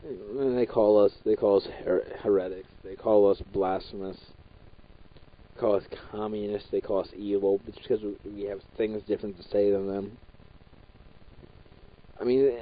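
A man's voice: lowish voice, steady tone, normal speed. A young man delivering a heated, profane, repetitive rant. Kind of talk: ranting monologue. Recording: dull lo-fi recording.

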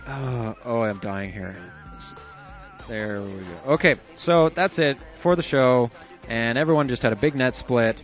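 A man's voice: mid-range voice, measured pace. A man hosting an internet radio show, chatting loosely and joking, with casual swearing and frequent laughs. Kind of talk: casual chat. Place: small room at home with the window shut. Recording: dull lo-fi sound, faint music.

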